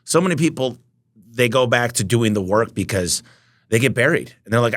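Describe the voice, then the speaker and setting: A man telling business stories as a podcast guest, emphatic and energetic, often acting out both sides of conversations. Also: mid-range voice, moderate pace. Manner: energetic, emphatic, acts out quoted dialogue. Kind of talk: storytelling interview talk.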